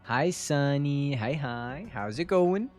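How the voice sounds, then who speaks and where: A man's voice: on the high side, expressive, slow, faint music behind. A young man streaming a game, chatting casually with viewers in a joking, self-mocking way. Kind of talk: casual live-stream chat while gaming.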